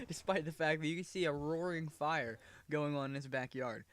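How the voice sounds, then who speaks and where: A young man and gaming YouTuber, casually telling a personal story over gameplay, with his voice trailing low and soft at the ends of lines. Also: moderate pace.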